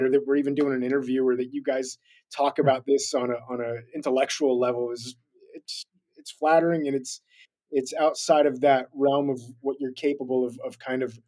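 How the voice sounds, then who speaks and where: A man's voice: medium pitch, a little mellow. A man talking as a voice actor guest in a remote interview, reflective and rambling, laughing easily. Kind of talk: casual interview chat.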